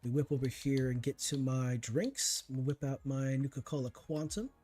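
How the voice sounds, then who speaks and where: Speaking at normal speed with a dark tone and medium pitch, this male streamer offers relaxed let's-play commentary. He chats away to himself while playing and taunts the enemies.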